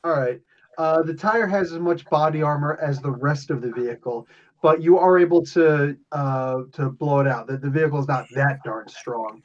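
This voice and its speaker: A man runs a tabletop game, his voice sitting a little high. He jokes and laughs often as he narrates, and the recording sounds dull and lo-fi. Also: normal speed. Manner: laughing often, loose and joking. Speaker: game master.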